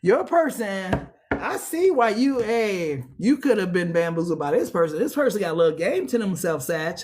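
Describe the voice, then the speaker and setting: A man with a high voice gives a casual tarot reading. His speech is slangy, profane and chatty. He talks straight to the viewer as if to a friend. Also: very animated, normal speed, a little mellow. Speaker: tarot reader.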